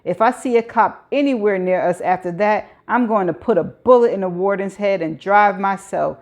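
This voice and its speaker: A woman's voice: mid-range voice, a little slow, natural voice. Woman doing a crazed, menacing male convict. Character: desperate male escaped convict.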